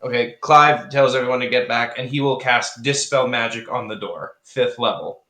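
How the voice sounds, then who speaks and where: A man playing a tabletop game, describing in a steady way what his character does. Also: mid-range voice, normal speed, echoey room. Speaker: player.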